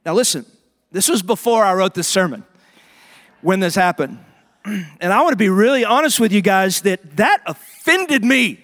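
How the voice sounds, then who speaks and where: High-voiced preacher in a reverberant hall. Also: male voice, normal speed. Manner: animated storytelling with voiced asides. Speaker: pastor. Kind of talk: sermon.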